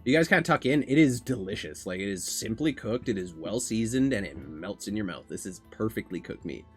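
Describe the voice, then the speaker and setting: A man's voice: fairly low pitch, brisk, breathy edge, soft background music. Man narrating a tabletop game. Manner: relaxed, casual description. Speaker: game master.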